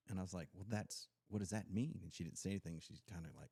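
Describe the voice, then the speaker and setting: A man with a drawl talks in a loose, rambling way, full of fillers and restarts as he tells his stories. His voice sits low and mellow, with a warm, dark tone. The recording is dry and close, with almost no room sound. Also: quick pace, few pauses, breathy edge, dry recording. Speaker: podcast host; Coast Guard veteran. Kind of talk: casual chat.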